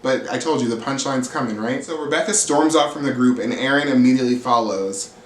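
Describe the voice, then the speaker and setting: This man's voice sits at medium pitch and moves briskly as he gives a sassy, blunt, profane recap of a reality TV episode. He curses freely and acts out quotes, with roomy echo and faint hiss in the background.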